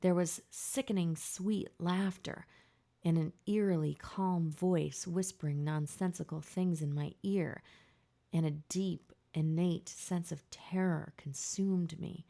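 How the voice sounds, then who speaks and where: A woman narrating a first-person audiobook in a hushed, tense, emotional way. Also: lowish voice, steady tone, takes it slowly, creaky.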